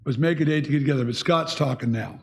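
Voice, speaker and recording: A fast-talking man with a creaky, mid-range voice leads a church Bible class discussion. He speaks conversationally and puts questions to the group.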